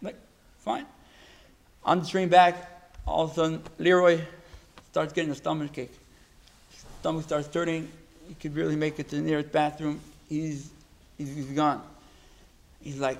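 A man giving a religious talk, telling a story in a halting way, with many restarts and repeated words. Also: on the high side, level tone, vocal fry. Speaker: religious teacher.

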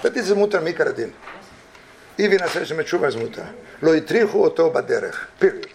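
A man's voice: a little high, sing-song, fast, creaky, slight background noise. A man teaching a halachic study class, rambling and weaving Hebrew and Yiddish terms into his explanations.

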